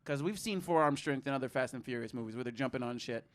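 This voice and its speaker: A man's voice: medium pitch, fast. A man co-hosting a podcast, giving a casual, sarcastic movie review with plenty of swearing and laughter. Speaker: podcast co-host.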